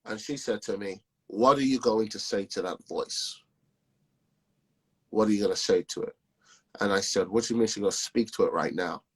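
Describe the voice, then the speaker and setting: Husky man telling a personal story. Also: fairly low pitch, fairly even intonation, moderate pace, pauses often, poor audio. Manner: acts out the dialogue in his story. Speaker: speaker sharing testimony.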